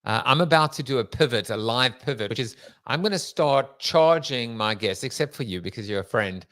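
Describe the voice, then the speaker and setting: A man's voice: medium pitch, animated, a little fast, fairly bright tone, dry recording. A man hosting a podcast interview, chatty and playful, with frequent ums. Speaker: podcast host.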